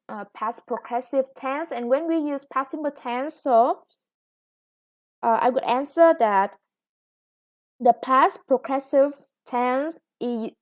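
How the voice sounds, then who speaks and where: A woman with a Vietnamese accent teaching an English lesson, explaining patiently and drawing out new words as she goes. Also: high-pitched. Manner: patient, explains slowly, stretches new words, self-corrects. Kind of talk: recorded classroom lesson for students.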